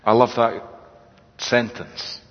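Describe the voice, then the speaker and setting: A man preaching a sermon in a reflective, conversational way, often quoting lines in a hushed voice. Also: mid-range voice, takes it slowly. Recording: echoey hall, dull lo-fi sound.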